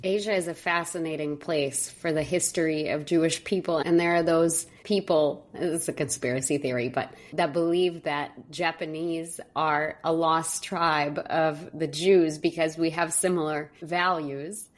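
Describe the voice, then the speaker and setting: A woman hosting a podcast interview, a lively storyteller who acts out the voices in her stories. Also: deep voice, unhurried, few pauses. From New York. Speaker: podcast host.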